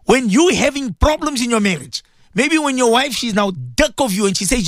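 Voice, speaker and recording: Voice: medium pitch, lively intonation, moderate pace, dry recording, studio quality. A radio host giving a preaching talk, emphatic and repetitive, asking rhetorical questions and dropping Arabic religious phrases into English.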